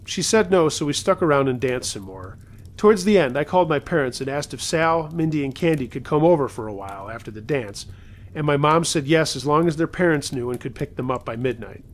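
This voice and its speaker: A man's voice: fairly high pitch, animated, fairly quick. A man reading submitted true scary stories aloud in a conversational way, with wry asides.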